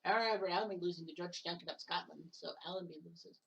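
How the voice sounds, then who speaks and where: A woman's voice: fairly low pitch, fast, gravelly, far from the mic. A woman giving casual solo commentary on golf results, with joking asides, name corrections and the odd curse word. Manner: joking asides, correcting mixed-up names, occasional swearing. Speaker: commentator of a simulated golf match-play event.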